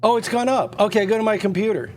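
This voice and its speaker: A man's voice: high voice, lively intonation, fast talker. A man hosting a live online auction, talking at a computer in repetitive, pushy salesman patter with stammered restarts. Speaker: auctioneer and livestream host. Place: indoors at a computer.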